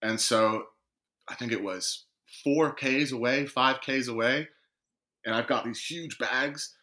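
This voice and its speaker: Bright-voiced man telling a lively story. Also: medium pitch, slow pace. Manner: lively storyteller who acts out quoted dialogue. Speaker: guest footballer. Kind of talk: storytelling in a podcast interview.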